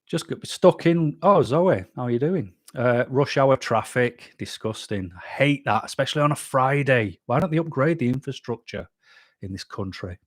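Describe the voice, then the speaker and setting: A man's voice: medium pitch, expressive, a little slow, no room sound, studio quality. A man hosting a casual live stream, reading out chat comments and answering them bluntly. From England. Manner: blunt, chatty, reads comments aloud then answers. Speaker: YouTube channel host reading live chat.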